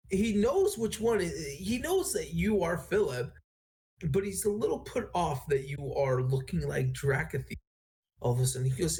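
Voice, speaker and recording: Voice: mid-range voice, expressive, unhurried, dark tone. A game master narrating a tabletop game, rambling and correcting themselves.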